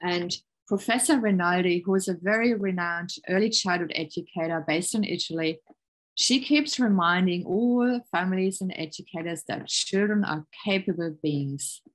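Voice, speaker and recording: A woman's voice: lowish voice, normal speed, poor audio. Encouraging woman presenting a parenting webinar. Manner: calm, encouraging, explains with examples. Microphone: video call.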